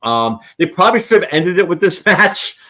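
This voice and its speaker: A man's voice: high voice, very animated, normal speed, bright, forceful tone. Rambling male podcast host. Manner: rambling, many restarts. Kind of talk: casual chat.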